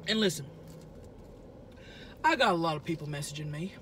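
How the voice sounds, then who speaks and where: A woman's voice: sits low, expressive, moderate pace, fairly bright tone, a little hiss or hum. Woman playing a brash trailer-park gal. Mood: boastful. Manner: brash, crude, chews noisily while talking. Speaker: mukbang vlogger character. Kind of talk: improvised character comedy. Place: inside a car.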